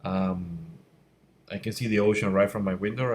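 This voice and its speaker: A middle-aged man from Venezuela with a low voice answers viewer questions in a casual Q&A, speaking as a visual effects instructor. He is candid and blunt and often gets worked up and emphatic. A faint hiss sits under his voice, recorded on a fixed mic at home at night. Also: fairly even intonation, normal speed. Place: room at home at night by a window. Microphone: fixed mic, voice fades when he turns away.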